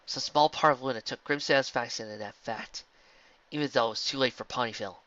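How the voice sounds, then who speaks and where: A man narrating fan fiction in a steady, earnest storybook reading. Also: medium pitch, quick pace, dull audio.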